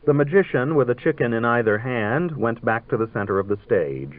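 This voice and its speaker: A man with a medium-pitched voice and lively intonation narrates a literary story, measured and dryly ironic. It comes through a tinny old radio broadcast without echo.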